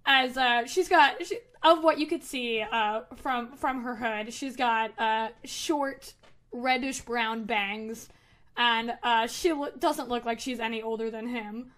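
A woman's voice: on the high side, slow pace, fairly bright tone. A woman narrating as game master in a tabletop game, with lots of hesitant fillers.

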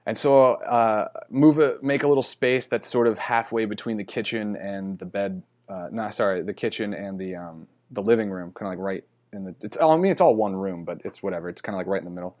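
A man's voice: lowish voice, a little fast, few pauses, a little mellow, lo-fi sound. A man telling a story in a rambling, casual way, often correcting himself and chuckling. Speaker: podcast host.

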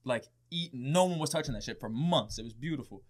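A man's voice: medium pitch, expressive, brisk. A young man casually telling a story on a podcast, talking animatedly, with lots of swearing and laughter.

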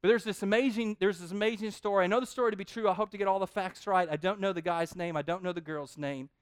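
A man preaching a sermon in an animated, joking way, often repeating his words. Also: high voice, fast talker, clean tone, no echo, clean studio sound. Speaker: pastor.

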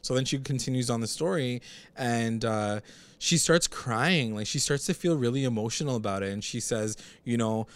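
A man's voice: medium pitch, moderate pace, clear, resonant tone. A man co-hosting a casual chat, retelling an episode with lots of fillers and quoted lines. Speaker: podcast co-host.

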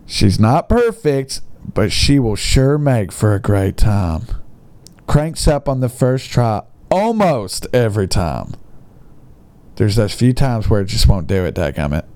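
A man giving comedic commentary with a mocking, sarcastic edge and quick asides. His pitch jumps around a lot, and his tone stays mellow and dark. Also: very animated, clear, resonant tone. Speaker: host.

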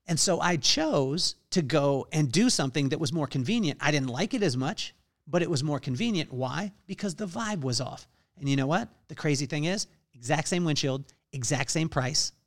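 A man hosting his own podcast, telling an everyday story in an energetic, conversational way and acting out the dialogue. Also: a little high. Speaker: podcast host. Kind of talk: solo podcast monologue.

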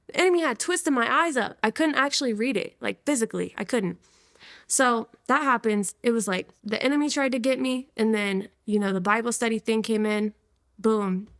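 A woman in her twenties tells her personal testimony as a guest, chatting casually with plenty of slang and easy laughter. Her voice sits a little high, and the recording is dry and close. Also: moderate pace, dry recording. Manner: lively, laughs often, slangy. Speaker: interview guest.

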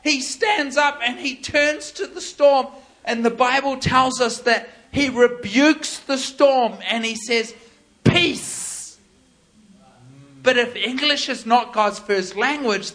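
A man preaching to a live audience, telling stories in an animated way and acting out the voices. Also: very high voice, measured pace. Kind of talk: sermon with storytelling.

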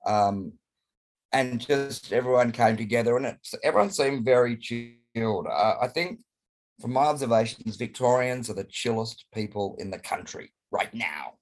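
A hoarse Australian man, croaky from a chest cold, chatting flamboyantly and playfully as a guest over a video call. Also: mid-range voice, moderate pace. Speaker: guest performer. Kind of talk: casual interview chat over video call.

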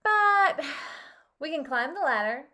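A woman's voice: sits high, big pitch swings, takes it slowly, bright, forceful tone, voice pushed up, heavily acted. A woman voicing a fretful, greedy male toad in a storybook read-aloud, with a whiny, pleading delivery.

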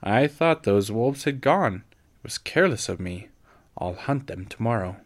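A man voicing a firm, protective pioneer father who fires off brisk, forceful questions. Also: on the low side, lively intonation. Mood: concerned.

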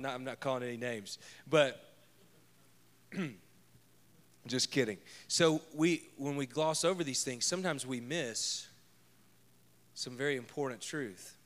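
This pastor's voice is medium in pitch and fairly bright. His sermon feels like a chat, full of humor and stories about life at home.

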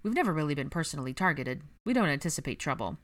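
A woman's voice: low voice, sing-song, rapid-fire. Wry joking young man, read by a woman.

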